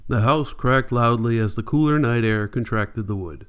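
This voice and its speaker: A man narrating a novel as an audiobook reader, in steady, measured scripted narration. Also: medium pitch, clean tone.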